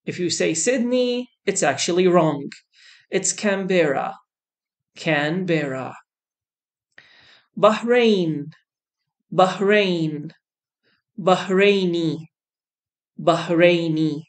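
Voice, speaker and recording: Slow, deliberate woman teaching English. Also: on the low side. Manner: says each word twice, slowly and clearly. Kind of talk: slow beginner English lesson, repeating words.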